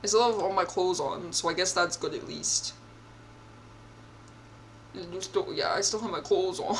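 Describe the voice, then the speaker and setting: A woman's voice: mid-range voice, measured pace, long pauses, fairly bright tone, a little hiss or hum. A young woman streamer reading a text game aloud and reacting, chatty and giggly, with a mock-indignant edge.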